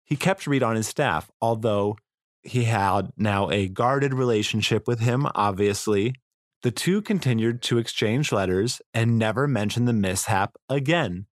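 A man hosting a casual history podcast, telling the story with lively dramatic asides and swearing. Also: lowish voice, a little slow, dry recording, clean studio sound.

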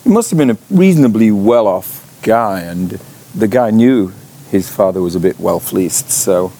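A man's voice: sits low, dark tone, slight background noise. A man teaching a Bible class in a chatty way, full of fillers and rhetorical questions. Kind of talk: informal teaching talk.

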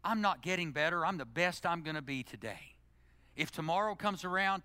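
A middle-aged male pastor delivering a sermon, swinging from loud, emphatic exhortation to hushed, intimate prayer. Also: fairly high pitch, moderate pace, smooth, dry recording. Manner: animated preaching, climbing to loud emphasis then dropping to hushed, intimate prayer.

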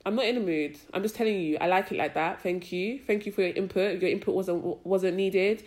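A young woman talks casually on a podcast. She keeps checking that you follow her, and she gets loud and animated whenever a story riles her. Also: on the low side, fairly quick. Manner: chatty, frequent "do you know what I mean", gets loud and animated when ranting. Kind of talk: casual chat.

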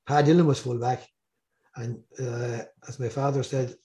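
An older Irish man telling rambling, animated stories as a guest on a casual podcast. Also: mid-range voice, moderate pace. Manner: rambling, animated anecdotes with repeated words.

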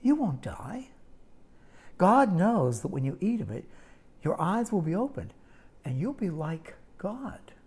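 A woman's voice: on the low side, sing-song, slow pace, pauses often, darkish tone, breathy edge, pitched above the performer's own voice, exaggerated voice. A woman voicing a crafty, seductive serpent in a mocking whisper, within a sermon. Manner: hissing whisper, mocking disbelief.

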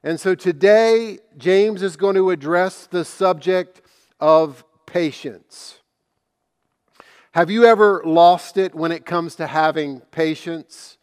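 A middle-aged male pastor delivers a sermon in a high, bright voice. He tells stories slowly and leans on his key words. The voice carries a long reverb, as in a large hall. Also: clean tone. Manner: slow, emphatic preaching with storytelling.

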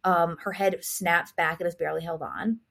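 A woman co-hosting a podcast, recapping a horror film in a profane, rambling, animated way. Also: on the low side, moderate pace, vocal fry. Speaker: podcast co-host. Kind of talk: casual horror movie recap.

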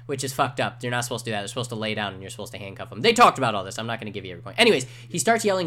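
A man's voice: mid-range voice, quick pace, a bit bright. A man in his twenties, co-hosting a casual podcast chat, telling a rambling story full of fillers and swearing. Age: 20s. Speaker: podcast co-host.

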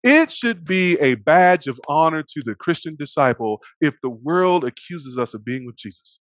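Male preacher, slightly high voice, animated and dynamic delivery, dry close mic. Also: moderate pace, dry recording. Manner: animated, acts out voices of the characters; swings between loud and hushed. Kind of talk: sermon.

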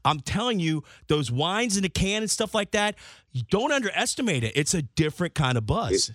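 A man's voice: sits high, sing-song, moderate pace, a bit bright, no echo, studio quality. A man hosting a radio show, joking and bantering upbeat with a guest. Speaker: radio DJ host. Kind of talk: casual radio chat.

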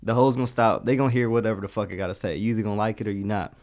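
A man's voice: lowish voice, rapid-fire, darkish tone. A young man, a guest telling rambling, profane stories and acting out the dialogue. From Detroit, US. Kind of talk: casual chat.

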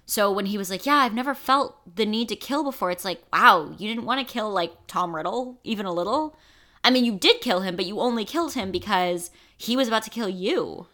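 Chatty podcast lady, bright voice, says like a lot. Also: mid-range voice, expressive, fairly quick. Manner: chatty, lots of "like" fillers. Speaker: podcast host. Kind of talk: casual chat.

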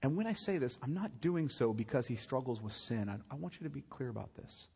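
A man's voice: mid-range voice, lively intonation, brisk, a little mellow, slightly rough. A male pastor preaching a sermon, emphatic, repeating phrases and pressing his listeners with rhetorical questions. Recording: long reverb of a large church hall.

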